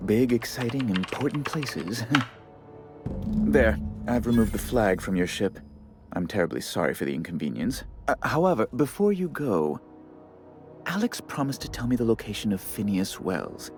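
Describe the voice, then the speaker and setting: A man's voice: lowish voice, very animated, normal speed. An actor voicing a fussy, condescending male corporate bureaucrat in a video game, with a prim, theatrical delivery. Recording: soft game music behind.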